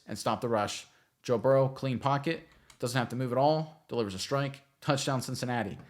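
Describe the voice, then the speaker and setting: A man hosting a football film review, breaking down plays in energetic, emphatic commentary with lots of rhetorical questions. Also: medium pitch. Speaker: football film analyst host.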